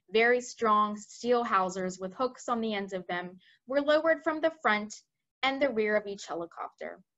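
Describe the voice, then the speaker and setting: A woman reading a children's book aloud expressively, pausing now and then to speak to her listeners. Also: mid-range voice, dull audio. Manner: expressive, addresses listeners directly. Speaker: library read-aloud reader. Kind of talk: storybook read-aloud.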